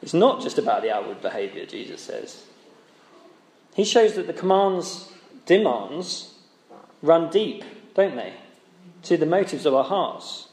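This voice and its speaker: A man's voice: a little high, very animated, a little slow, long pauses, a little mellow, roomy sound. A man preaching a sermon in a conversational way, often asking the listeners rhetorical tag questions.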